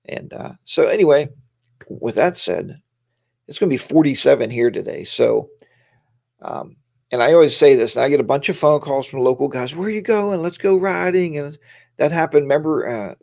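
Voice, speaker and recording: A man's voice: mid-range voice, gravelly, darkish tone, no echo, clean studio sound. A tired middle-aged man hosting a casual live stream, rambling and greeting viewers by name.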